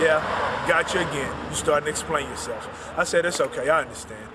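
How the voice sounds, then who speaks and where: A man, an author, recounting a personal story and retelling the dialogue in quick back-and-forth. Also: a little high, heavy background noise.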